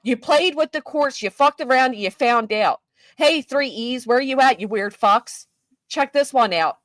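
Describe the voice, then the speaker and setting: A woman's voice: high voice, animated, a little slow, no room sound, rough recording. A woman hosting a casual livestream, profane and fired up, shaky and agitated as she reads a court ruling aloud. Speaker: livestream host.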